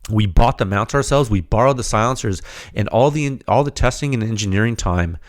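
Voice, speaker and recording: A man hosting a podcast, slightly hoarse and losing his voice, giving an emphatic, rhetorical unscripted technical monologue straight to his audience. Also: lowish voice, fairly quick. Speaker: podcast host, firearms silencer researcher.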